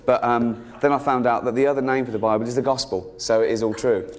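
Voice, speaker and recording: A man doing a stand-up routine, sardonic and mocking, often jumping up into a high, exasperated pitch. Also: fairly even intonation, quick pace, very noisy. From England. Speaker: stand-up comedian. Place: theatre stage with live audience.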